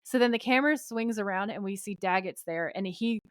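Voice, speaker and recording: A woman's voice: medium pitch, fairly quick, dry recording. Woman recapping a show, dry close sound. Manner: animated retelling, acting out quoted lines. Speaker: podcast co-host. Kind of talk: casual recap chat.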